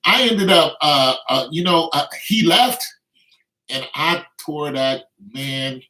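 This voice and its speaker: A man's voice: fairly high pitch, takes it slowly, bright, forceful tone. Man in his fifties, boastful. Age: 50s. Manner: boastful, slang-heavy, laughing while telling. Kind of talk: casual storytelling. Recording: roomy, distant from the mic.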